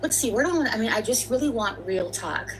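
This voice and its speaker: A woman's voice: a little high, animated, quick pace, slight background noise, poor audio. A woman hosting a casual livestream, chatty and rambling as she greets and thanks viewers. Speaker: livestream host.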